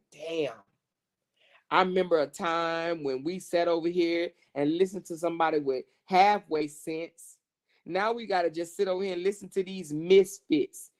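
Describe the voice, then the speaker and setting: A woman hosting a casual gossip livestream, cursing freely and laughing often as she talks. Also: on the low side. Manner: profane, animated, laughs often. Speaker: livestream host.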